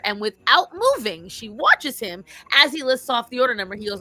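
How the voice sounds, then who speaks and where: A woman's voice: fairly high pitch, fairly quick, hardly any pauses, dry recording, faint music behind. A woman hosting a live stream, casually telling stories and giving blunt, opinionated advice to her chat. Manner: animated, opinionated storytelling. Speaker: streamer host.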